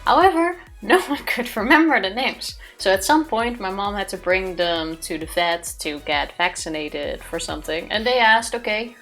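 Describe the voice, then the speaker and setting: A woman's voice: mid-range voice, animated, normal speed, hardly any pauses, fairly bright tone, faint music behind. A woman co-hosting a let's play, chatting casually and cheerfully, telling stories and laughing easily. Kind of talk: casual chat over gameplay.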